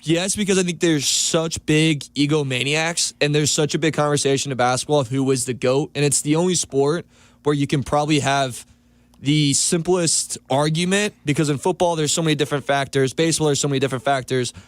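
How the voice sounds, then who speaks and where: A man on a sports talk radio show, eagerly pitching and defending his own idea. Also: brisk, no echo. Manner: eager, enthusiastic pitching ideas.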